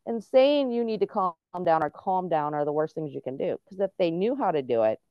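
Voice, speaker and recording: A middle-aged woman talks earnestly, explaining step by step with many restarts. Her voice sits low, and the recording is muffled and lo-fi. The sound is dry, with no room echo. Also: animated, fairly quick. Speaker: guest, autism and veterans advocate. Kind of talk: casual interview talk.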